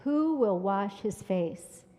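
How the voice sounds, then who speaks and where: A woman voicing a patient, wise older male rabbi who questions calmly. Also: medium pitch, takes it slowly, long reverb tail.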